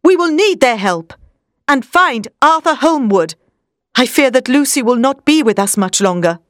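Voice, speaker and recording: A woman playing a commanding elderly professor from a storybook, loud and insistent in a raised pitch. The recording is dry and close, with no room sound. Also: expressive, moderate pace, no echo, close to an everyday voice. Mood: urgent. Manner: commanding, forceful. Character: stern urgent elderly male professor.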